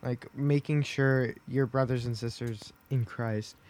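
A man's voice: medium pitch, fairly even intonation, measured pace, a little mellow. Jokey man laughing in casual podcast chat. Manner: jokey, laughs often, self-deprecating. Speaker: podcast co-host.

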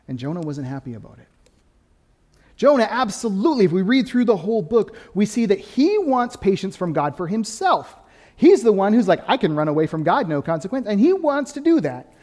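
A pastor preaching a sermon, lively and conversational, swinging between quick, louder stretches and soft, dropped emphasis. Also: male voice, high-pitched, big-room sound. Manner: animated preaching, rising and dropping to quiet emphasis.

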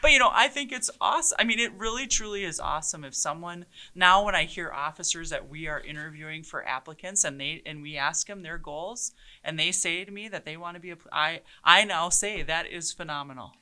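A woman in her forties, a police chief, telling stories in a passionate, animated way during an interview. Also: on the low side, a little fast. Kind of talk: conversational interview.

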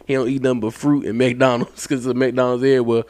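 A man co-hosting a podcast, telling stories in a loose, slangy and animated way. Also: mid-range voice, a little fast. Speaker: podcast co-host. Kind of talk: casual chat.

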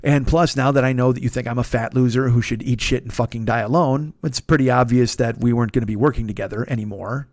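Man in his fifties, podcast host, casual storytelling, swears a lot, stumbles and restarts, mid-pitched voice, dry close sound. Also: fast, few pauses, a little mellow, no room sound. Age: 50s. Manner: profane, rambling, frequent restarts and self-interruptions.

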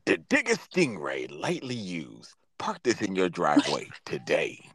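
A man doing a booming movie-trailer car-ad announcer. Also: wildly swooping pitch, a little slow, very noisy, heavily acted. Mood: hyped.

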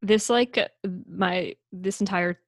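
A woman's voice: on the low side, steady tone, takes it slowly, gravelly, no room sound. Casual woman co-host, chatty and filler-heavy, dry sound. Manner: chatty, lots of fillers, laughs often. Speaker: podcast co-host. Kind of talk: casual chat.

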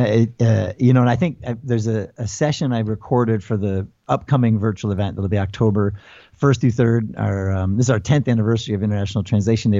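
An American man in his forties, rambling through his answers with restarts and fillers. His voice is dark and mellow. The sound is dry and slightly dull, as if over a remote call. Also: lowish voice, dry recording. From United States. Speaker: guest. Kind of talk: casual interview talk.

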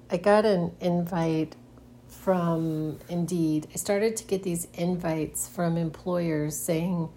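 A woman's voice: on the low side, mellow, slight background noise. A middle-aged woman hosting a casual solo monologue, speaking hesitantly with frequent restarts and nervous giggles. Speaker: podcast host.

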